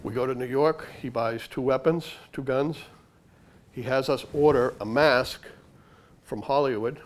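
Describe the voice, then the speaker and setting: At a measured pace, a mid-range male voice recounts tales for a library audience: he's an older author and ex-undercover agent with a punchy, conversational style. Slight background noise runs under the meeting-room recording.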